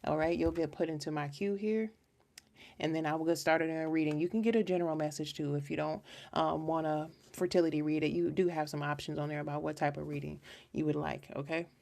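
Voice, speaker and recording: A woman's voice: sits low, steady tone, brisk, vocal fry, a little mellow. A woman hosting a live tarot reading, talking in a chatty, earnest, rambling way with lots of restarts. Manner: earnest and emotional. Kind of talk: casual live-stream reading.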